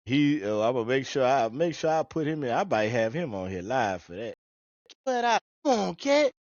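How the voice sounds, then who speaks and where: A man hosting a podcast in casual chat, an animated storyteller who jumps into high-pitched voices when he quotes people. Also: fairly quick, no echo, highs cut off. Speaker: podcast host.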